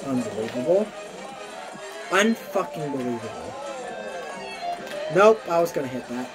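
A woman's voice: extremely low pitch, big pitch swings, a little slow, music in the background. A woman recording gameplay commentary, swearing and ranting at the game.

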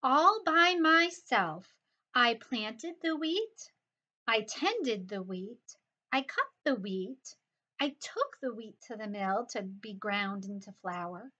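A woman's voice: fairly high pitch, expressive, slow, pushed and bright, full character voice. A woman voicing a determined little hen in a children's story, firm and proud. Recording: dull lo-fi recording.

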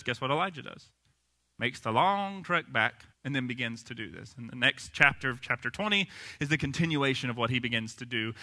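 Animated young man preaching casually. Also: medium pitch. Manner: casual, animated storytelling with slang. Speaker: pastor. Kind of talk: sermon retelling a Bible story.

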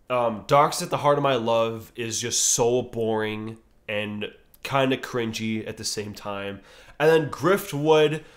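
A man's voice: mid-range voice, a bit bright. A man ranking albums in a casual, rambling way, swearing often and using lots of fillers like "um" and "you know". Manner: profane, enthusiastic, rambling with many fillers. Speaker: music reviewer.

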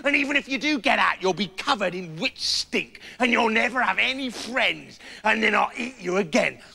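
A man's voice: high voice, lively intonation, normal speed, gravelly, sharp tone, husky, heavily acted. A man with an English accent voicing a nasty, cackling old female witch who shrieks, gloats and throws insults, in a storybook reading. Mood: threatening. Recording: roomy reverb, faint music.

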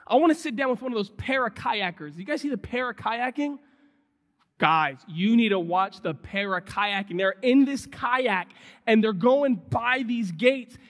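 Man pastor in his thirties, high voice, lively casual preaching, long church reverb. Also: normal speed. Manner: animated, conversational preaching. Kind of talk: sermon. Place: church sanctuary.

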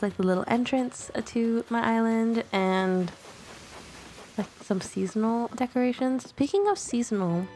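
A young woman hosting her gaming channel, chatting casually and excitably with many filler words. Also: mid-range voice. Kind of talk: casual gameplay commentary.

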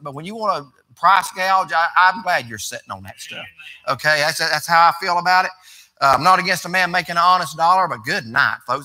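A man's voice: fairly high pitch, bright, forceful tone. A man, preaching a sermon as pastor in a folksy, conversational way that rises to emphatic preaching.

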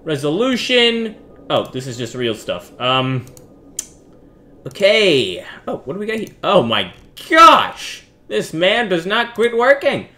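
A young man talks his way through a game in a bright, forceful voice that swings widely in pitch. He jokes at his own expense, mutters low to himself, then breaks into yelling whenever something startles him. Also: sing-song, unhurried. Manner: jokey, self-mocking, bursts into yelling when startled. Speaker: gaming youtuber. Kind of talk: let's play commentary.

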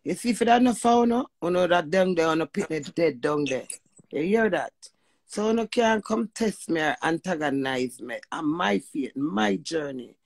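A woman's voice: lowish voice, animated, normal speed, gravelly, no echo. A woman with a Jamaican accent giving an emotional spoken testimony, preachy and emphatic, mixing patois with swearing and often asking "you hear that?". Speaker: vlogger sharing personal testimony.

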